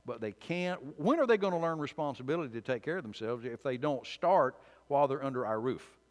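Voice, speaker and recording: A man's voice: medium pitch, animated, brisk. Man preaching in a reverberant church. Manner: informal, opinionated, wry, with frequent restarts. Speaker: preacher teaching a Bible study. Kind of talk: conversational sermon. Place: church sanctuary.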